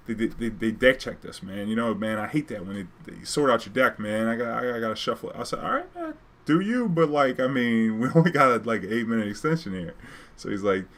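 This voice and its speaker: A man's voice: on the low side, a bit bright. A young man casually telling a story in a laid-back, slangy way, laughing now and then.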